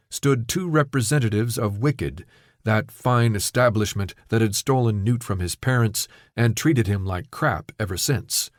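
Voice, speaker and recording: A man reading an audiobook novella in steady, measured scripted narration. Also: lowish voice, no room sound, studio quality.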